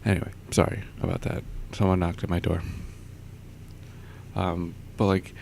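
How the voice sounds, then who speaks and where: Young male vlogger, deep voice, loose chatty storytelling, faint background hiss. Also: level tone, normal speed, gravelly, a little mellow. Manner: rambling, chuckles often, many fillers. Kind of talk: casual storytelling.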